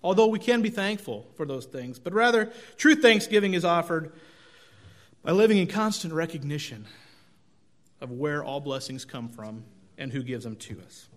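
A man's voice: a little high, big pitch swings, normal speed. A middle-aged male pastor giving a conversational, self-deprecating sermon with folksy storytelling.

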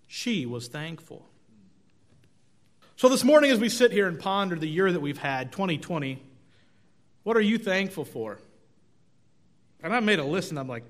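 A middle-aged male pastor delivers a relaxed, conversational sermon. He tells folksy stories and pokes fun at himself. His voice sits a little high for a man. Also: moderate pace, pauses often. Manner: conversational, self-deprecating, folksy storytelling.

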